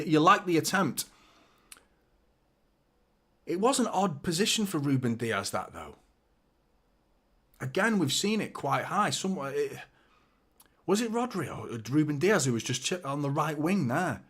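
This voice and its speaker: A man hosting a live football watchalong, chatting and joking with viewers and getting excited during attacks. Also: medium pitch. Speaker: fan channel host. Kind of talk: live match watchalong commentary and chat.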